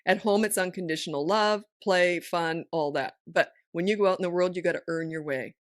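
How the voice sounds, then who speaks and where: Frank, lively woman parenting coach. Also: fairly low pitch, no room sound, studio quality. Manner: frank, lively storytelling with quick asides. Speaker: parenting coach and podcast host. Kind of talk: casual podcast chat.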